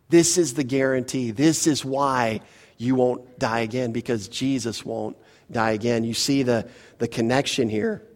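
A pastor preaching an expository sermon to his congregation, emphatic and full of rhetorical questions, often dropping to a softer voice. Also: mid-range voice. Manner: emphatic, rhetorical questions, drops to soft asides.

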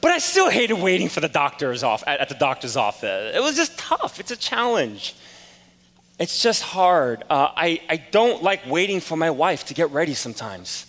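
A man in his forties delivers a sermon in a relaxed, storytelling way, laughing at himself as he goes. His voice sits high and sounds bright and forceful. A long reverb from the church hall trails after his words. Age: 40s. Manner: casual storytelling with self-deprecating humor. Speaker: pastor.

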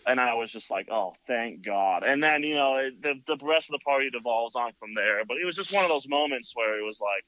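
A motorcycle builder telling a long story in casual chat, full of "like" and "you know.". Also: male voice, medium pitch, expressive, a little fast, hardly any pauses, pushed and bright. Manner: rambling, filler-heavy with many "like" and "you know". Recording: dull lo-fi, dry sound.

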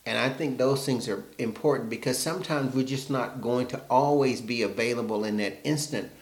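A man's voice: mid-range voice, moderate pace, reverberant. A man co-hosting a casual relationship chat, reflective and self-mocking.

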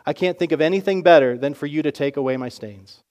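A man voicing a small, weary stained boy who pleads earnestly and stammers when excited. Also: a little high, fast talker, natural voice.

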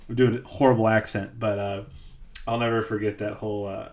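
A man's voice: on the low side, unhurried, long pauses. A man co-hosting a casual podcast chat, laughing often as he tells stories. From Missouri. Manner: laughing, animated storyteller. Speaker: podcast co-host. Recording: roomy echo.

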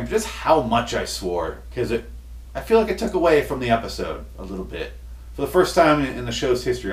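A man hosting a comedy podcast, ranting in an exasperated, profane way, with his voice going hoarse. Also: medium pitch. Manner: exasperated, profane, building to shouty outbursts. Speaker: podcast host. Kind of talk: comedic rant. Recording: roomy echo, distant mic.

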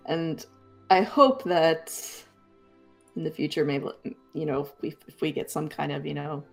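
A woman's voice: sits low, fairly even intonation, unhurried, gravelly, soft background music. A woman co-hosting a streamed podcast, speaking casually and hesitantly and laughing often. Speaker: podcast co-host.

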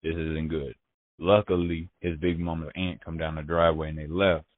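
A man telling his story in casual, profane slang, halting and restarting often. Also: low-pitched, level tone. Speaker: interviewee. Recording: tinny phone line.

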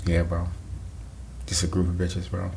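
A man's voice: sits low, monotone, unhurried, creaky, darkish tone. A man co-hosting a casual podcast, crude and teasing, laughing often and calling people "bro". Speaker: podcast co-host. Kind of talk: casual chat. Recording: echoey room with faint noise.

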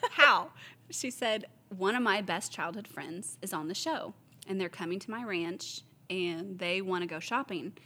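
A woman, a store owner casually telling lively stories, acting out the voices of the people she quotes. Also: medium pitch, a little slow. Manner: animated storyteller, acts out quoted voices, laughs often. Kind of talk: casual chat.

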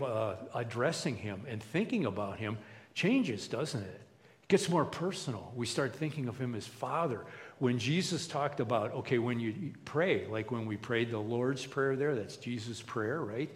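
A man preaching a sermon as a pastor, relaxed and conversational, with plenty of fillers and restarts. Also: medium pitch, big-room sound. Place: church.

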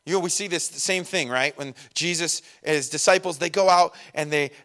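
A young man preaching a sermon in a casual, animated way, acting out quick voices of the people in his story. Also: on the high side. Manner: animated, acts out voices of disciples and Jesus. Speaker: pastor.

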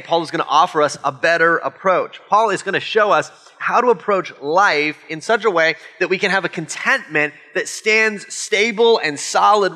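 A man's voice: on the high side, pushed and bright, in a large hall. A man preaching a conversational sermon as pastor, with joking asides.

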